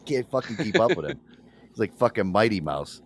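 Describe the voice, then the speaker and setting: A man in middle age tells loose, profane stories on a podcast. His pitch swings widely as he acts out his friends, while his voice sits at an ordinary height. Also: moderate pace, slight background noise. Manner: animated storyteller, acts out friends' voices, swears a lot. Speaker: podcast co-host. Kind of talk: casual chat.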